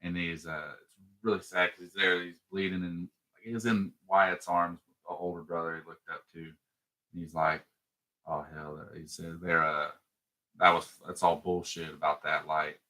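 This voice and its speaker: A man co-hosting a casual podcast, excitedly recapping a film scene by scene, swearing freely and acting out the characters' lines. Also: low-pitched, moderate pace. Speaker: podcast co-host.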